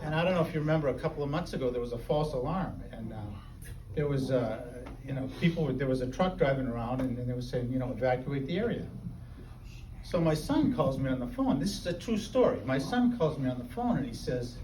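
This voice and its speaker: A man's voice: medium pitch, lively intonation, quick pace, darkish tone. A middle-aged man from the New Hampshire seacoast, doing rambling, self-deprecating stand-up comedy full of fillers. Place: open mic venue. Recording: echoey room, distant mic, noisy.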